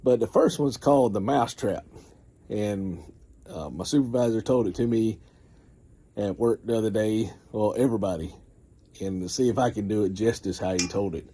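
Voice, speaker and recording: A man casually retelling a folksy farm story in a rambling way, often clearing his throat. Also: on the low side, normal speed, mellow.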